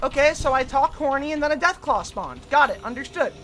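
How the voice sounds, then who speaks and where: A young woman streaming herself playing a video game, excitable and swearing freely as she talks to the enemies on screen. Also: high-pitched, a little fast, faint music behind. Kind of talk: casual gameplay commentary.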